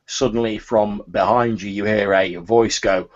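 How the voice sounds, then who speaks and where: A man's voice: lowish voice, fairly even intonation, a little slow. A man narrating as game master, describing scenes with small restarts. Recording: lo-fi audio.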